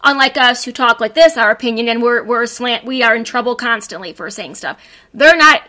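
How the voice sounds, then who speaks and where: A woman co-hosts an opinion talk show with a bright, fairly high voice. She speaks firmly and assertively, cutting in with quick asides. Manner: firm, assertive asides and interjections. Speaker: co-host.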